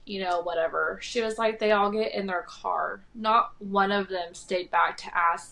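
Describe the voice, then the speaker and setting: A woman's voice: mid-range voice, a little slow, gravelly, fairly bright tone. A young woman co-hosting a casual podcast, telling a story in a loose, rambling way. She fills it with likes and ums, and her voice has a slight nasal edge. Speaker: podcast co-host.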